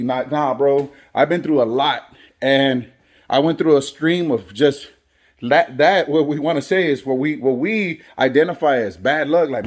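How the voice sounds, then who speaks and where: A man's voice: mid-range voice, moderate pace, slightly rough. A man who is a barber and father, talking earnestly in a motivational vlog and repeating phrases for emphasis. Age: adult, has kids. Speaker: barber and vlogger.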